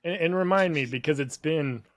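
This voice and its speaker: A man's voice: a little high, moderate pace, no room sound. A man co-hosting a casual podcast chat who keeps asking inquisitive follow-up questions. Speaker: podcast co-host.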